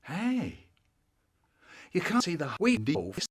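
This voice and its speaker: A man telling comic anecdotes in a theatrical way, swinging from loud outbursts to mutters. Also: a little high, huge pitch swings, unhurried, slightly rough. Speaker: storyteller. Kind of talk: comic anecdote narration, chopped and remixed.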